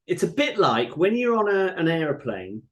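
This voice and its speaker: A man's voice: fairly high pitch, big pitch swings, normal speed. A man as a podcast guest, talking casually and reflectively, now and then mimicking how other people speak. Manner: reflective, sometimes mimics voices while making a point.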